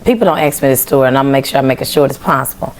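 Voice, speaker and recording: A young woman from the US South, a singer guest telling a story in a chatty, animated way. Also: a bass voice, very fast. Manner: animated, chatty, mimics voices while telling stories. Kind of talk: casual storytelling.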